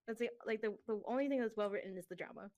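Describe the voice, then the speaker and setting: Young woman chatting casually, giggly, lots of "like", average pitch. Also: racing, darkish tone. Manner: chatty, giggly, filler-heavy. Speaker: co-host. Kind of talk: casual chat.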